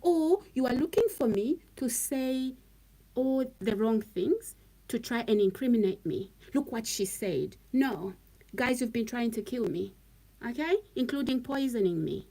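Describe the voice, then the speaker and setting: A woman's voice: on the high side, animated, measured pace, dark tone, low-quality recording. A woman talking on a live stream to her viewers, emphatic and repetitive, often checking in with "okay?". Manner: emphatic, repeats phrases, frequent "okay?".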